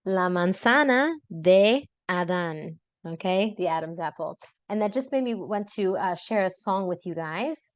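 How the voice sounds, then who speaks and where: A woman's voice: on the low side, expressive, dry recording. Casual woman teaching vocabulary on a podcast. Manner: explains patiently, repeats words slowly, casual asides. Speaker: Spanish teacher and podcast host. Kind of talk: podcast language lesson.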